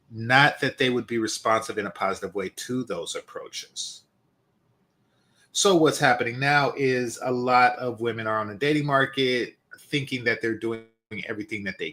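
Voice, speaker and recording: A man's voice: mid-range voice, fairly bright tone. Man in his forties giving casual commentary. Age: 40s. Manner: conversational, opinionated, addressing viewers. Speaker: host.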